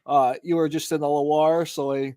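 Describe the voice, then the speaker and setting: Male podcast guest, a touch high in pitch, eager conversational delivery, dry close sound. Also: little pitch movement, moderate pace, warm tone, dry recording. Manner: enthusiastic, asks questions. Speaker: guest wine creator.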